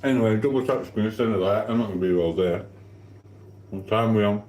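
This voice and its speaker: A man's voice: fairly low pitch, fairly quick, darkish tone, echoey room. A man hosting a casual live stream from his kitchen, rambling and cheekily flirting with his chat while eating. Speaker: livestream host. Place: home kitchen.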